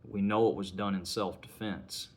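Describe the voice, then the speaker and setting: A man with a fairly low voice and fairly even intonation speaks at normal speed in a casual spoken film review. He retells scenes conversationally, acting out lines along the way.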